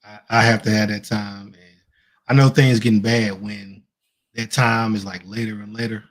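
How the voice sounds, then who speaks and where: A man's voice: fairly low pitch, steady tone, normal speed. A man in his thirties co-hosting a casual talk show, speaking in a laid-back, joking way. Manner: laid-back, joking, loose Southern-style speech. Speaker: podcast co-host. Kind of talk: casual chat.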